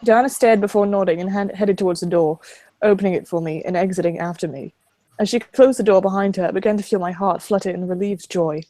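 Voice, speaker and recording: A woman's voice: mid-range voice, fast talker, mellow, no room sound. A woman streamer reading first-person visual novel narration aloud on a close home mic.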